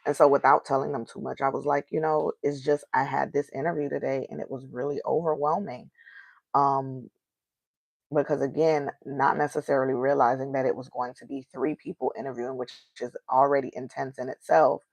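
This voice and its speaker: A woman's voice: extremely low pitch, level tone, a little fast, gravelly, no echo. A woman in her thirties with an African American accent, venting candidly on her own podcast and asking rhetorical questions. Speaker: podcast host. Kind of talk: casual solo podcast monologue.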